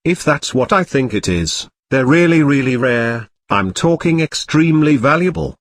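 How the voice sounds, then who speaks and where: Brief: chatty know-it-all boy wizard, read by a man, animated delivery, dry close sound. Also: medium pitch, normal speed, no room sound. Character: boy wizard, sarcastic, easily amazed.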